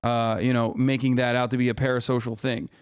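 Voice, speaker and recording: A man's voice: medium pitch, flat delivery, brisk, clear, resonant tone, no room sound, clean studio sound. A man hosting a livestream, ranting in heated, exasperated commentary with heavy swearing. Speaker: livestream host reacting to videos.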